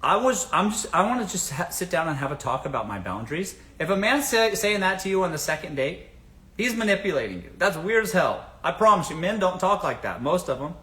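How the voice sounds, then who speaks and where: A man's voice: sits high, big pitch swings, a little fast, a bit bright. A man from the American South hosting a casual livestream, giving blunt dating advice, swearing freely and asking the audience rhetorical questions.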